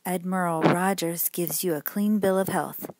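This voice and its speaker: A woman's voice: on the low side, fairly even intonation, normal speed, no echo, lightly acted. A woman voicing a blunt, sarcastic male police detective in a bedtime story, curt and dry in manner. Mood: brisk.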